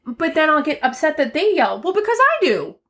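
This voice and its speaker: A woman from the Northeast United States co-hosting a casual faith podcast, talking loudly and emphatically with self-deprecating humor. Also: high-pitched, sing-song, a little fast. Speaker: podcast co-host.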